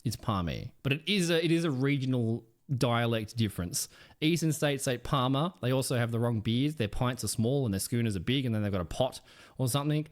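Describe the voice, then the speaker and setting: A man's voice: mid-range voice, expressive, fairly quick. A man with a South Australian accent chatting casually with his stream chat, playful and smug, swearing offhand.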